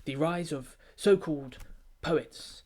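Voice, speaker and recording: Guy doing a stuck-up poetry gatekeeper, pompous rhyming briefing, kinda high voice. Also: takes it slowly, darkish tone. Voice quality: pompous, grandiloquent, rhythmic recitation. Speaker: comic poet. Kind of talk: comic rhyming spoken-word satire.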